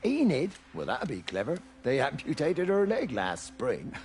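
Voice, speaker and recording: An actor playing a blunt, dryly sarcastic middle-aged villager in a story game. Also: male voice, medium pitch, huge pitch swings, a little slow, a little mellow, slight background noise.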